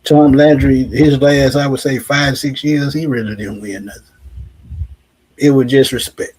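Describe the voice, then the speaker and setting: A man's voice: mid-range voice, steady tone, a little slow, a little mellow, breathy edge, poor audio. A man, co-hosting a casual sports talk show and musing back on what he has seen. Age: 40s. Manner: reflective, repeats "like I said".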